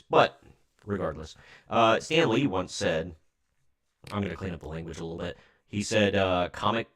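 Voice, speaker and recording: A deep-voiced man from Ohio, in his thirties, chatting loosely through a livestream. He wanders off on tangents and corrects himself as he goes, talking into a desk mic. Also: a bit bright. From Ohio, United States. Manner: rambling, chatty, self-correcting. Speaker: livestream host. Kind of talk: casual livestream chat.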